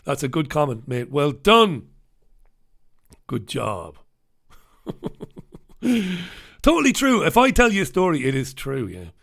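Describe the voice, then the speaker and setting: Man, raised pitch, crude chatty storytelling, live show host. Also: wildly swooping pitch, slow, gravelly, long pauses, fairly bright tone. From Ireland. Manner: profane, laughing, rambling anecdotal delivery.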